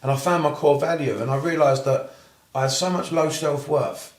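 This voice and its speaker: A man's voice: on the high side, fairly even intonation, moderate pace, echoey room. A man with a Cockney accent, a therapist telling his story in a casual interview, blunt and swearing freely.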